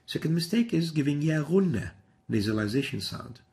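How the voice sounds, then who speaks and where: Here the middle-aged Quran teacher sounds a little high, animated, and creaky, with a slightly mellow quality at a moderate pace. His methodical lesson repeats example words to illustrate each sound.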